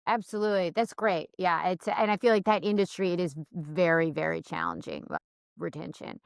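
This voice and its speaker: A woman's voice: lowish voice, expressive, a little fast, gravelly, clean tone, dry recording, clean studio sound. A woman hosting a podcast interview who affirms her guest and thinks aloud with small restarts. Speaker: podcast host. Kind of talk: interviewer chat.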